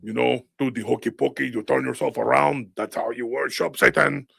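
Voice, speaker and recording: A smug, menacing world leader speaks in a slow, gloating drawl, as a man puts him on. The voice mocks as it goes, and the recording is close and dry with no room sound. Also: medium pitch, steady tone, vocal fry, a bit bright, husky, no room sound, full character voice. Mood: mocking.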